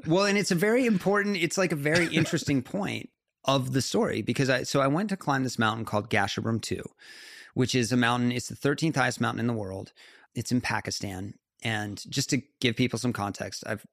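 A man, a guest in a conversation, telling a story in an animated way with quick asides and frequent laughs. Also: lowish voice, no echo, clean studio sound. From United States.

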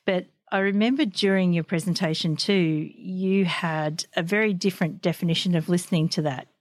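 A woman's voice: on the low side, steady tone, moderate pace, no echo, studio quality. A woman hosting an interview, asking questions in a chatty way with many fillers. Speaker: interview host. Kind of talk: conversational interview.

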